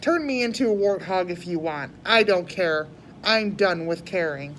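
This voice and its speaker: A woman's voice: lowish voice, lively intonation, normal speed, a bit bright, a little hiss or hum, poor audio. A woman doing a weary, despairing toy rabbit. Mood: resigned. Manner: glum, bitter and resigned.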